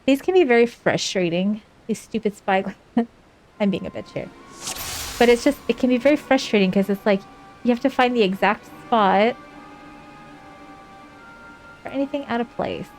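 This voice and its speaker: A woman's voice: fairly high pitch, normal speed, long pauses, a little mellow, faint music behind. A young woman streaming a game live, chatting casually, sarcastic and swearing freely.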